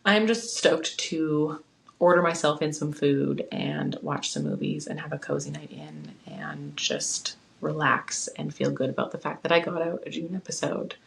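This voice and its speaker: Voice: medium pitch, expressive, unhurried, creaky, rough recording. A young adult podcast host talking casually into a phone at home, giving an earnest, heartfelt pep talk.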